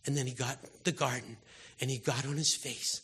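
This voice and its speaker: Impassioned husky male preacher. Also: mid-range voice, fairly even intonation, moderate pace. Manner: impassioned, swings from hushed to loud exhortation. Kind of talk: sermon.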